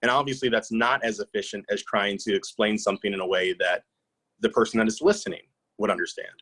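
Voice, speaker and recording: A man's voice: fairly low pitch, fast, fairly bright tone, slightly rough, poor audio. A man in his thirties or forties, answering interview questions in a reflective, anecdotal way with many fillers and restarts. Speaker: author being interviewed.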